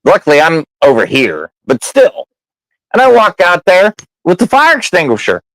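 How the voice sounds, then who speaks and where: Animated, profane male host; bright, lively delivery, dry mic. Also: fairly high pitch, moderate pace, dry recording, low-quality recording. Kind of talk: casual storytelling chat.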